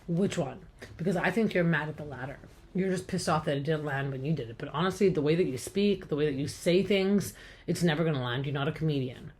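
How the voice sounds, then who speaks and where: A woman's voice: low voice, fast talker, a little mellow. A woman hosting a podcast, recapping reality TV in a chatty, blunt way with many fillers and some swearing. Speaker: podcast host.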